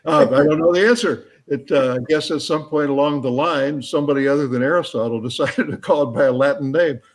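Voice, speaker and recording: A man, an author, answering audience questions in a halting, chuckling way with plenty of fillers. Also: a little high. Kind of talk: live Q&A talk.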